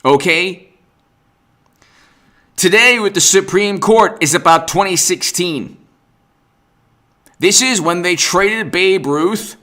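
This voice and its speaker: Man, political livestream rant, sarcastic and exasperated, bright voice, slightly high pitch. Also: slow, pauses often. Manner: sarcastic, exasperated, mocks opponents in put-on voices, greets chat viewers. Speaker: political commentary host.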